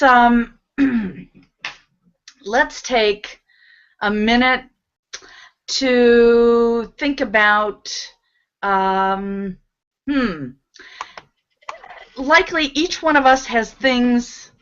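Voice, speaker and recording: A woman's voice: on the high side, a bit bright, muffled recording. A woman hosting a casual online panel, chatty and leading group laughter exercises. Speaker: host.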